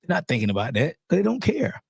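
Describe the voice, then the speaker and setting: A man co-hosting a podcast who talks fast in a husky voice, blunt and full of slang and swearing. The sound is dry and close, with no room echo. He jumps in over his co-host. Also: fairly high pitch, huge pitch swings, a little mellow. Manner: blunt, slangy, profane, cuts in. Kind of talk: casual chat.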